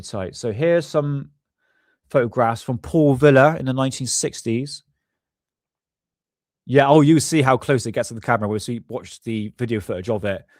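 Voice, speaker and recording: A man's voice: medium pitch, no room sound. Male streamer, mid-range voice, rambling chatty delivery with chuckles, dry close sound. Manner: rambling, chuckling, stumbles over words. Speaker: livestream host. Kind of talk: casual live-stream commentary.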